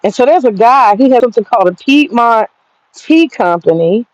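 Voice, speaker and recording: A chatty, excitable woman from Georgia, vlogging in her garden and swearing freely. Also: fairly high pitch, normal speed, no room sound, lo-fi sound. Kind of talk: casual outdoor vlog. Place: outdoor home garden.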